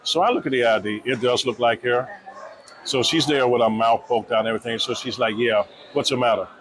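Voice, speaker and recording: In a crowded restaurant with chatter all around, a man who heads security at a nightclub shares stories during an interview. His medium-pitched voice is brisk and a bit bright, and he plays out conversations loudly. The recording quality is rough.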